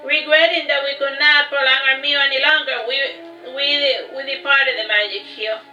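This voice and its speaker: A woman's voice: sits high, fairly even intonation, normal speed, sharp tone. A woman reading her own fantasy story aloud in a plain storytelling manner, with small stumbles and repeated words. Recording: distant, roomy, dull, faint music.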